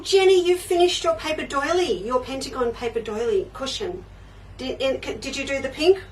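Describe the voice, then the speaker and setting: A woman's voice: a little high, distant mic, a little hiss or hum, poor audio. An older woman hosting a live quilting show, chatting away and answering viewers' comments as they come in. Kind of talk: live crafting show chat.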